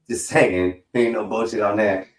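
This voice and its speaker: A male streamer hosts a live stream in casual chat, rambling and slangy, swearing freely and saying bro a lot. His voice sits on the low side with a steady tone and measured pace. The recording is reverberant and low quality.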